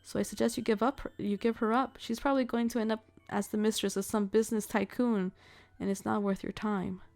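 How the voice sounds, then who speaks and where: A smug schoolmate passes on rumors in a loud, knowing, brisk manner, as a woman reads the part from a visual novel. A little gravel sits in the voice, and soft music plays beneath. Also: medium pitch, steady tone, natural voice.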